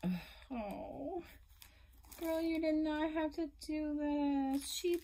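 A young adult woman gushing in a casual unboxing vlog, emotional and effusive, at times dropping to a soft whisper. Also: high-pitched, steady tone, slow, a little hiss or hum, rough recording. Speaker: reborn doll collector vlogger.

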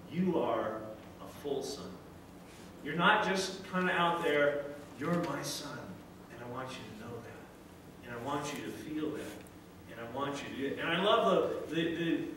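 A man's voice: on the high side, bright, forceful tone, a little hiss or hum. A middle-aged male pastor preaching a sermon earnestly, often restarting phrases and acting out a father's words. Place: church sanctuary. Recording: echoey church sanctuary from far off.

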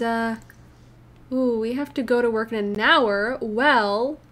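A young woman with a fairly high, fairly bright voice hosts a gaming channel, casually narrating a life-sim game from her room at home. Her let's-play commentary is chatty, rambling and upbeat as she reacts aloud while playing.

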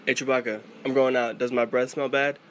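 A man's voice: medium pitch, fairly even intonation, fairly quick, background noise. A man joking and teasing as he talks to his dog. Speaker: pet owner. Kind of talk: talking to a pet.

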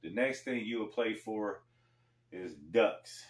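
A man hosting a casual storytelling vlog, talking in a laid-back, slangy way with pauses. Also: lowish voice. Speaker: storyteller host. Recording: echoey room, mic far off.

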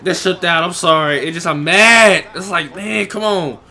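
A young man giving live commentary over his own basketball video game, reacting loudly to each play and talking to the players and his viewers. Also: high voice, moderate pace. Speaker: gaming YouTuber.

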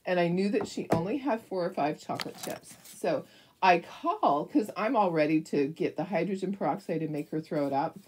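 An older woman telling a rambling story in a chatty, animated way while she paints a craft, laughing often. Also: lowish voice, normal speed, slightly rough. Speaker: craft vlogger.

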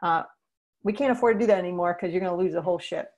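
Gravelly low-voiced woman trainer. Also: very fast, a little mellow. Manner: earnest, explains by acting out what to say to students. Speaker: social-emotional learning trainer. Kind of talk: answering questions in a teacher training session.

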